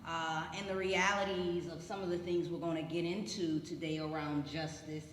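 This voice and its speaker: A woman's voice: sits low, level tone, moderate pace, slight background noise. Woman, scientist panelist, chatty and proud, echoey hall, faint ambience. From Atlanta, USA. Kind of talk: panel self-introduction. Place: church hall.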